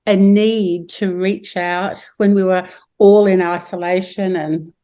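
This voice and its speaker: Slow, gushing Australian woman host. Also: lowish voice, fairly even intonation, warm tone. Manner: gushing, soothing affirmations. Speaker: podcast host. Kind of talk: spiritual podcast interview.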